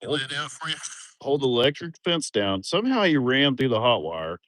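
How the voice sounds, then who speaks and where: A man, rambling casually on a livestream from a farm, with bursts of loud excitement. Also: medium pitch, brisk, no room sound, clean studio sound. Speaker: livestream host.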